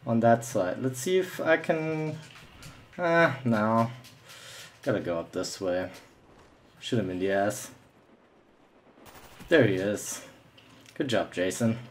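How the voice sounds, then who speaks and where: With a lowish voice, a slow pace, and long pauses, a young man gives live commentary on an online shooter game. His delivery is an angry, swear-filled rant full of mocking jabs at opponents, and faint hiss or hum sits under the audio.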